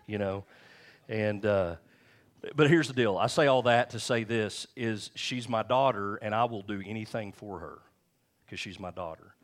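A middle-aged pastor, preaching a sermon in a conversational way, with asides and repeated phrases. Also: male voice, on the low side, normal speed.

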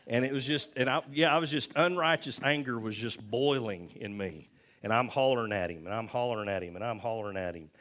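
A middle-aged pastor, telling a self-deprecating story in a folksy, animated sermon. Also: male voice, medium pitch, fairly quick.

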